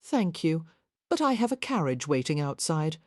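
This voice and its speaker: A woman's voice: sits low, big pitch swings, normal speed, no room sound, studio quality. A woman voicing an eccentric young noblewoman, earnest and blunt, often exasperated, in an audiobook.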